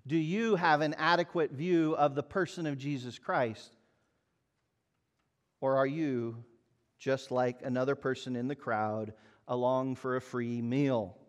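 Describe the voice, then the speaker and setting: Male pastor, sermon, measured unhurried delivery, earnest, emphatic rhetorical questions. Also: medium pitch, fairly even intonation.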